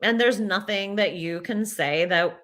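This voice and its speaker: Woman speaker, bright forceful tone, loose rambling delivery with firm emphatic points. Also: mid-range voice, a little slow. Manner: rambling, many restarts and fillers. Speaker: speaker addressing an audience. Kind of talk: casual spoken talk.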